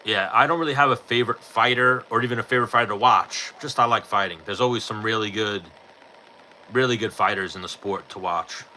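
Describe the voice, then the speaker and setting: Blunt, sharp-voiced New guy. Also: on the low side, a little fast, a little hiss or hum, rough recording. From New York. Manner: blunt, profane, offhand. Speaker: podcast host answering live chat. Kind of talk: casual chat.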